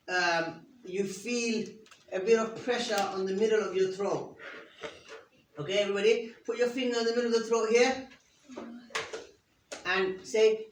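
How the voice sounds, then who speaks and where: A faint hiss sits under this distant recording from a roomy classroom, where a patient teacher runs an interactive lesson. With a middle-pitched, fairly bright voice, she asks pupils questions and models each sound for them to say back.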